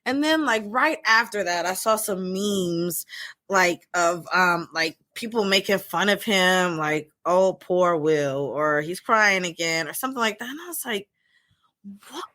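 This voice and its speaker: A woman's voice: mid-range voice, animated, moderate pace, sharp tone, no room sound, clean studio sound. A woman co-hosting a podcast as a mental health professional, chatting casually and animatedly, laughing often and acting out quotes. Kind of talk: casual chat.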